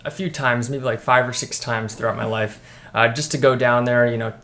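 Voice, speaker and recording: A young man in casual chat, speaking in a relaxed, hesitant way with frequent pauses to search for words. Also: medium pitch, slight background noise. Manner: relaxed, hesitant, lots of fillers and restarts. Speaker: guest friend.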